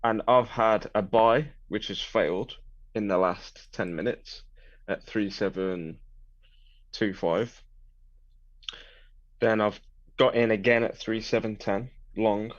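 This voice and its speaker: A man's voice: lowish voice, fairly even intonation, slow, pauses often, lo-fi sound. A man co-hosting a live trading show, chatting casually with matey banter and calling his co-host "mate".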